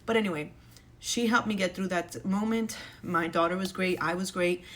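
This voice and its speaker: A woman's voice: on the low side, normal speed. A woman, a single mom, telling an earnest and emotional faith testimony in a casual way, with many restarts.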